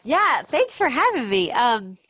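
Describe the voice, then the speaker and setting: A woman from the Washington DC area, a Spanish teacher, speaking as a podcast guest in energetic casual talk with frequent fillers. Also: fairly high pitch, measured pace, breathy edge, no room sound. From Washington DC area, USA.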